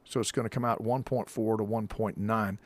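A man's voice: on the low side, steady tone, brisk. A man hosting a political talk radio show, talking in a folksy, repetitive, emphatic way.

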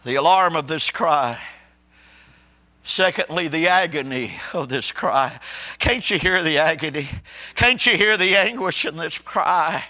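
High, bright-voiced preacher. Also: male voice, expressive. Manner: swings from low and slow to high shouted cries; addresses listeners as brother and sister, my friend. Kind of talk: impassioned sermon.

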